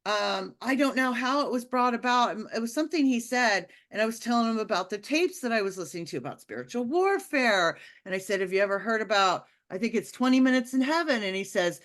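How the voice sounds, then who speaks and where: A woman casually telling a personal spiritual story, animated and acting out the quotes, often laughing. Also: a little high, a little fast, few pauses. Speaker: podcast guest telling a testimony.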